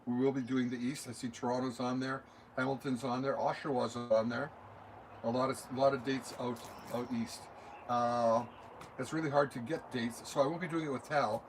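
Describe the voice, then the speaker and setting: In a studio interview, an older male musician rambles anecdotally, gesturing through his examples as he talks. His mid-range voice moves at a moderate pace, and the audio is poor, with constant background noise.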